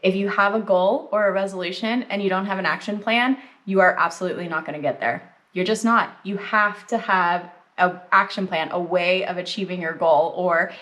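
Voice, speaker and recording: A woman's voice: on the low side, fairly even intonation, normal speed, a bit bright. Young woman vlogger rambling casually, lots of likes and ums, snacking as she talks. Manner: chatty, lots of "like" and "um", eating while talking. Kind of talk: casual chat to camera.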